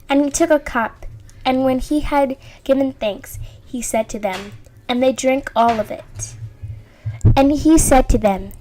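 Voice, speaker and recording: A woman reading scripture aloud in an earnest, steady way, with small restarts. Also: fairly high pitch, measured pace, a little hiss or hum, rough recording. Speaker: Bible reader.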